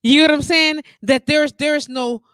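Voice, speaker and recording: Female live-show host, fairly high pitch, lively and talkative. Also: normal speed, no echo. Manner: animated, repeats "you get what I'm saying". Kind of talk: casual live-stream chat.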